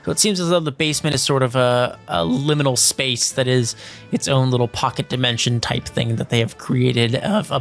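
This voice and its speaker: A man's voice: medium pitch, a bit bright. A man narrating scenes as game master of a tabletop role-playing game, describing at length with many fillers.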